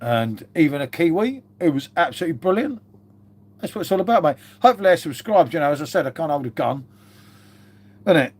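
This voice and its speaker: A man's voice: a little high, very animated, fast, a little mellow, breathy edge. A middle-aged man chatting casually on a live stream, rambling and swearing, calling everyone mate, unwell with a cough. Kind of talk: casual live-stream chat reading viewer comments.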